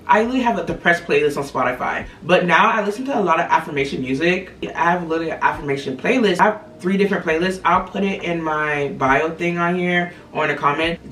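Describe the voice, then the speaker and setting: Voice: mid-range voice, fairly bright tone. A content creator telling a personal motivational story to viewers in a chatty, filler-heavy way, often calling them guys and y'all. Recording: roomy, slightly distant, faint ambient noise.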